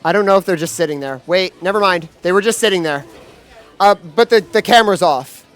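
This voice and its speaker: A man with a somewhat high voice calls a fighting game live from an event venue. His commentary is excitable and packed with fillers and quick restarts. Faint music plays in the background. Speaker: esports commentator.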